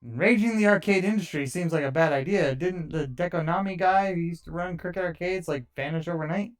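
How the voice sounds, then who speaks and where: A man's voice: high-pitched, fairly quick, recorded from a distance, soft background music. A man streaming live, reading a visual novel aloud with dry, wry asides.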